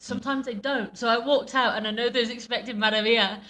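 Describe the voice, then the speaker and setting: A woman's voice: on the high side, steady tone, fast talker, pushed and bright, slight background noise, poor audio. A woman co-hosting a podcast in casual chat. She tells stories with animation and acts out what people said. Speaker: podcast co-host. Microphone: podcast microphone.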